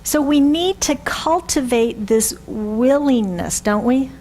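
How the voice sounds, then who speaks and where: A woman's voice: high voice, expressive, takes it slowly, mellow, a little hiss or hum, low-quality recording. A woman in her sixties giving a conversational sermon, often asking the congregation rhetorical questions. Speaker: reverend.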